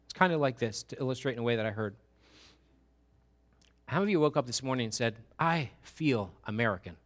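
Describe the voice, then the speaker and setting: A middle-aged man preaching a sermon, animated and acting out little voices of churchgoers to make his points. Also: medium pitch, brisk. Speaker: pastor.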